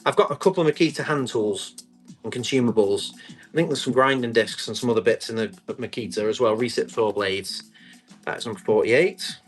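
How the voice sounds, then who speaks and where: A man, selling tools on a live stream, chatty and quick to describe each item and call out the bids. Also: medium pitch, faint music behind. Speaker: live auction seller.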